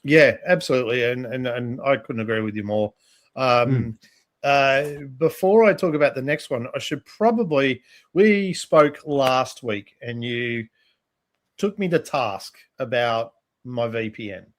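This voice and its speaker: A man's voice: mid-range voice, unhurried. A man co-hosting a podcast, chatting in a jokey, rambling way full of fillers. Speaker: podcast co-host. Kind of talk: casual chat.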